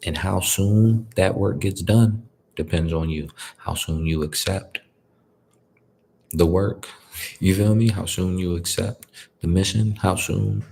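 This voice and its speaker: A man's voice: deep voice, slow, creaky, dark tone, slightly rough. A man giving a casual spiritual talk, conversational and repetitive, often checking in with "you feel me". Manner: conversational, repeats "you feel me", colloquial grammar. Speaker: spiritual speaker.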